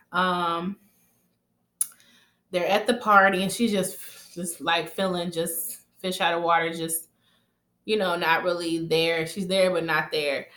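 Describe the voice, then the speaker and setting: Chatty woman recapping a film, echoey room. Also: on the low side. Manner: chatty, animated retelling with quoted asides and laughs. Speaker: vlogger. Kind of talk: casual movie recap.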